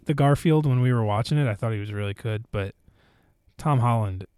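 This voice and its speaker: A man's voice: mid-range voice, fairly quick, darkish tone, clear, resonant tone, no echo, studio quality. A man chatting casually about movies on a podcast, rambling with restarts and now and then putting on silly voices for quotes. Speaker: podcast co-host.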